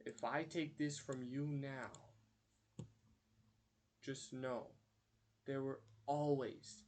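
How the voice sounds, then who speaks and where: A man's voice: mid-range voice, steady tone, extremely slow, a little mellow. A man voicing a small scheming male cartoon villain who gloats in triumph. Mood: solemn.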